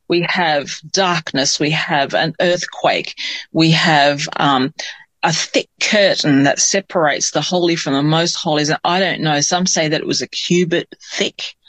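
A man's voice: a little high, unhurried, fairly bright tone, no room sound. Man reading scripture, dry sound. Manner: reads scripture aloud, then comments thoughtfully. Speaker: Bible study discussant. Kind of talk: Bible study discussion.

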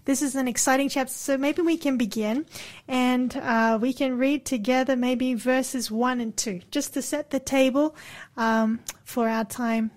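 A woman's voice: sits high, fairly even intonation. A woman leading a Bible study on the radio, praying and explaining in an encouraging, affirming way. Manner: warm, encouraging, quick affirmations. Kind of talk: casual on-air Bible discussion and prayer. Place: radio studio.

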